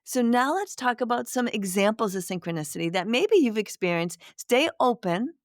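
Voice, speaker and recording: A middle-aged woman, a spiritual medium, telling a personal story to listeners in a gentle, reflective way with many restarts. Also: on the high side, animated, moderate pace, no echo, studio quality. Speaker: spiritual medium, podcast host.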